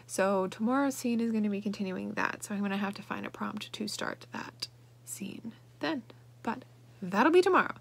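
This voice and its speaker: A young woman talking casually in a writing vlog, rambling with lots of fillers. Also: mid-range voice. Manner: chatty, rambling with many fillers. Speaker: vlogger.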